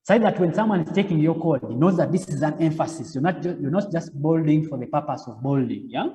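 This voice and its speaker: A man teaching web design, walking through each step slowly and repeating himself, often checking in with "okay?". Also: a little high, warm tone, in a large hall. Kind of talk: live coding lecture.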